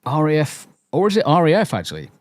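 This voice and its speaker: A podcast host from the English Midlands chats casually, now and then swearing and repeating his phrases. His accent mixes Southern, Northern, Midlands and Essex English. His voice is on the high side, with huge pitch swings and a fast pace, captured in a dry, studio-quality recording.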